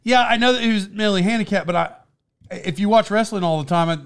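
A man's voice: high-pitched, fast, gravelly, clean tone. A man telling stories in casual chat, laughing often.

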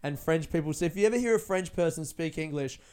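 A man's voice: a little high, fast talker, a little mellow, smooth. A man hosting his own podcast in casual solo chat from a friend's living room, rambling, laughing and swearing freely as he mocks himself. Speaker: podcast host.

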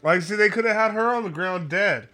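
A man co-hosting a casual podcast, his voice sitting a little higher than most men's. He cracks jokes and laughs along with his co-host. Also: brisk, pushed and bright, faint music behind. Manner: wisecracking and laughing. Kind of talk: casual chat reacting to a show.

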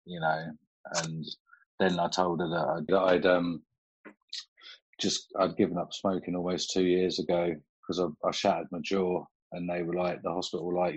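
A man's voice: low voice, flat delivery, moderate pace, breathy edge, dull audio. A middle-aged man, chatting casually and telling stories, laughing often and swearing freely. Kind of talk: casual chat.

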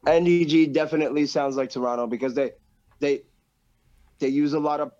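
A man's voice: a little high, steady tone, fairly quick, mellow. A man co-hosting a casual podcast, talking animatedly in slang, swearing heavily and peppering his talk with "bro" and "yo". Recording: dull lo-fi sound.

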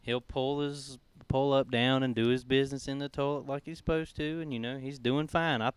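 A man's voice: mid-range voice, steady tone, brisk, clean tone. A man in his thirties, a father and podcast co-host, telling stories in an easygoing way and often saying "oh, man.". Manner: easygoing storyteller, chuckling, "oh, man". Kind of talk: casual chat.

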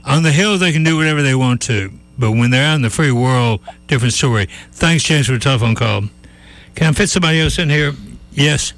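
A man's voice: mid-range voice, fairly quick, fairly bright tone. A man hosting a call-in radio show, chatty and folksy, with many restarts. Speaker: radio talk show host.

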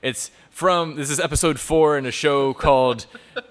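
A man's voice: a little high, moderate pace. A man hosting a live talk for young people, joking and improvising tangents as he explains. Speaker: youth talk presenter and show host. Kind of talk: live talk to a youth audience.

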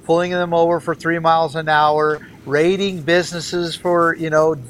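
A man's voice: on the high side, level tone, moderate pace, fairly bright tone, slight background noise. A man who is a candidate for governor, speaking as an interview guest and arguing his political views earnestly and emphatically. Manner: earnest, emphatic, argues in repeated phrases.

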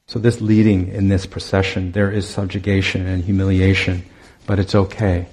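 A man preaching a sermon to his congregation, speaking in an earnest, exhorting way with many pauses. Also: low-pitched, flat delivery, a little mellow, slightly rough.

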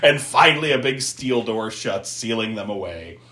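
Animated man recapping a film. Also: on the low side, moderate pace. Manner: animated storyteller, swears, laughs often. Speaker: podcast host recapping a film. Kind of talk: casual movie recap chat. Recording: echoey room.

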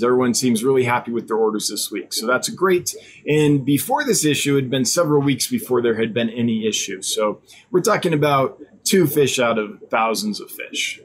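A middle-aged man hosting his weekly live stream as an online fish seller, chatting casually and rambling with fillers and asides. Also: mid-range voice.

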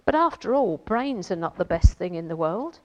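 Brief: woman reading a gentle storybook tin man, wistful and kind, near her own voice. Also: on the low side, sing-song, normal speed, highs cut off, slight background noise.

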